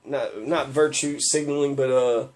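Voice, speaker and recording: A man's voice: medium pitch, fairly even intonation, measured pace, a little mellow. A man giving a heated, profane political rant, rambling with fillers and restarts.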